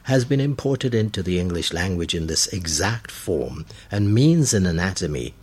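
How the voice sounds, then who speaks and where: A man hosting a radio program on word meanings, talking slowly and deliberately and spelling words out letter by letter. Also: deep voice, big pitch swings, a little mellow, husky. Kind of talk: explanatory radio talk.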